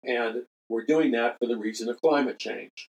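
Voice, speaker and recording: A man's voice: mid-range voice, normal speed, gravelly, darkish tone, poor audio. An older man delivers a talk radio monologue as host of a religious show. His mid-range voice is emphatic, and he repeats key phrases to drive the point home and appeals earnestly to his listeners.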